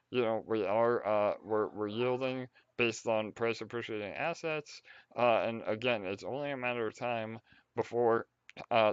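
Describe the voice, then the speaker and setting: Man, casual project update, halting with fillers, smooth voice, muffled call audio. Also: medium pitch, dry recording. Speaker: project lead hosting a community update.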